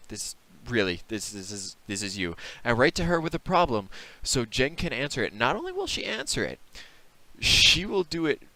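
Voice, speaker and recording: A man's voice: lowish voice, sharp tone, dry recording, poor audio. A man co-hosting a podcast, chatting casually and introducing topics in an easygoing, lightly humorous way. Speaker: podcast co-host.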